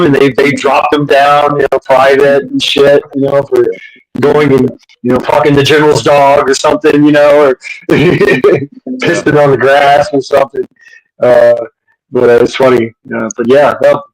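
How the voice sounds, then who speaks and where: Middle-aged man, casual host, crude rambling talk, frequent restarts, mid-pitched voice. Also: poor audio. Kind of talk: casual livestream chat.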